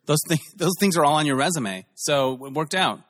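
Male host, animated pitch, enthusiastic, rambling, casual chat, long reverb. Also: a little fast. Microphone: video call.

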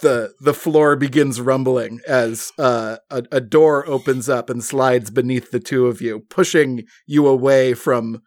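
A man narrating a gamebook adventure as game master, unhurried, with hesitations and laughter. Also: mid-range voice, fairly even intonation, dry recording, clean studio sound.

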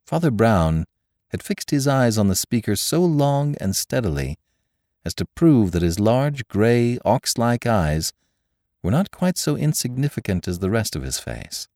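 A man narrating a classic story aloud, expressive and theatrical. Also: fairly low pitch, a little slow, dry recording, clean studio sound. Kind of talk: audiobook reading of a classic story.

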